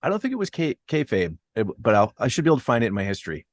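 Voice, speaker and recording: A man's voice: mid-range voice, wildly swooping pitch, racing, dry recording, clean studio sound. A man co-hosting a casual chat about comics, talking in a chatty conversational way. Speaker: co-host.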